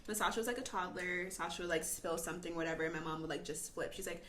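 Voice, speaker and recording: Young woman guest, rapid and excitable, echoey room with light hiss. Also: fairly low pitch. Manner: fast, excitable, whispers asides. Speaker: podcast guest. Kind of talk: casual chat. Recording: echoey room with faint noise.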